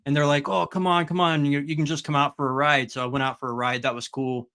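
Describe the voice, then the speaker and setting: A man's voice: medium pitch, little pitch movement, quick pace, sharp tone, smooth. A man guesting on a live stream, telling casual stories with stammers and quoted dialogue. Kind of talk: casual storytelling.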